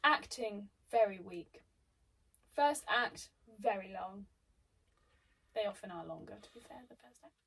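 A woman reading theatre reviews aloud in casual chat, teasing her partner with quick asides. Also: medium pitch, animated, fairly bright tone, slightly rough. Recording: distant mic with faint noise.

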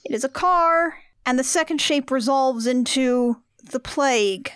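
A woman hosting a casual movie-review podcast, telling the plot in a sardonic, animated way with some swearing. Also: high-pitched, measured pace, clear, resonant tone, dry recording, clean studio sound. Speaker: podcast host.

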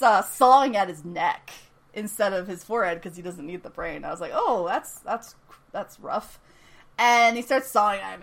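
A woman's voice: mid-range voice, a bit bright. A woman in casual chat recapping a TV episode, acting out the characters' lines and laughing often. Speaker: podcast co-host.

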